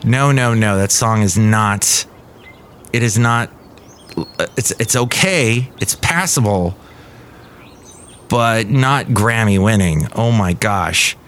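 A man's voice: lowish voice, slow, long pauses, a little hiss or hum. Rambling, opinionated man hosting a podcast. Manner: rambling, opinionated, animated reading of news quotes. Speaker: podcast host. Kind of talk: casual solo podcast commentary on music news.

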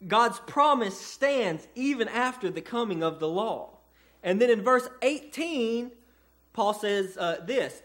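A man's voice: high voice, a bit bright. A man preaching a sermon in a church, reading scripture and explaining it earnestly, often restarting and repeating words. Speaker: pastor. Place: church sanctuary.

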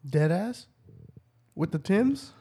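A man's voice: sits high, takes it slowly, creaky, slight background noise. A man in casual crude banter, telling stories with lots of laughter and profanity. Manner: storytelling, laughing, lively swings.

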